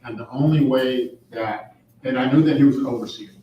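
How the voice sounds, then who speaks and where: A man at a family reunion telling what he knows of his ancestors, halting and restarting as he thinks. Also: medium pitch, highs cut off, slight background noise. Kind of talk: casual storytelling. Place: large room at a family reunion. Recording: echoey hall from far off.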